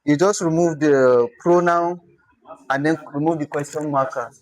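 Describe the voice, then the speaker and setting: A language teacher with a Nigerian accent giving an informal lesson, repeating words slowly to show their pronunciation. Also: mid-range voice, a little mellow, poor audio.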